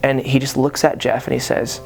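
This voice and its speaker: A man telling the story of his own crash as a personal testimony, hesitant and full of pauses. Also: medium pitch, flat delivery, creaky, darkish tone, faint music behind.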